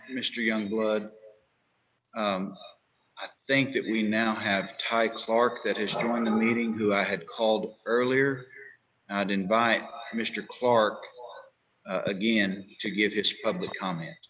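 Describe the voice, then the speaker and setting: Polite low-voiced man chairing a meeting. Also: fairly even intonation, measured pace, fairly bright tone, slight background noise. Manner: polite, formal, courteous. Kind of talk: formal meeting moderation. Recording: dull lo-fi call audio.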